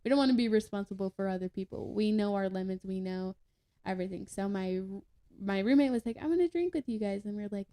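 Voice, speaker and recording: A woman's voice: medium pitch, fast talker, warm tone. A young woman telling a story as a podcast guest in a casual, chatty way, with lots of fillers and laughter. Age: young adult.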